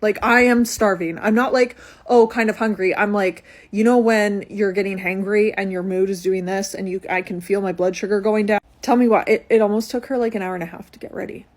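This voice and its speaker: A young woman recounts a personal story in a loose, conversational way. She talks with a lot of "like" and plenty of animation. Her pitch sits in an ordinary middle range. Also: fairly quick, hardly any pauses. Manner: chatty, animated retelling with frequent "like". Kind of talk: casual storytime monologue.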